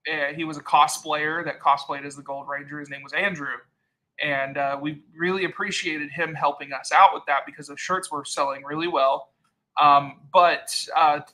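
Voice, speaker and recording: A man with a higher-than-usual voice and a bright, forceful tone. He hosts a casual live-stream chat and tells a heated story, now and then acting out the people he quotes. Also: low-quality recording. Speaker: channel host.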